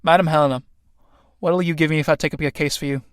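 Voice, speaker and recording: A man's voice: a little high, fairly even intonation, fast, clear, resonant tone, no room sound, studio quality, lightly acted. A man voicing a wry, talkative male company manager in a read-aloud play.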